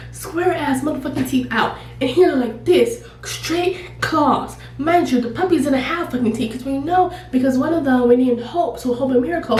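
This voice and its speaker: A woman YouTuber telling a casual storytime, animated and profane, laughing often. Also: high voice. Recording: echoey room, distant mic, faint noise.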